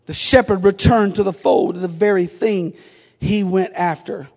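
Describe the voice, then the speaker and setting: A middle-aged man preaching a sermon, moving between quiet storytelling and shouted exhortation. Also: sits high. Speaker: pastor. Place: church sanctuary. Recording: long church reverb.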